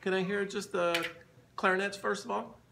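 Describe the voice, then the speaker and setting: A man's voice: sits high, flat delivery, normal speed, creaky, noisy background. A man conducting a band rehearsal, counting the players in and singing phrases to show how they should sound. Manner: counts in, sings phrases to demonstrate. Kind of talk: rehearsal instruction. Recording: band music in the room. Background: band playing.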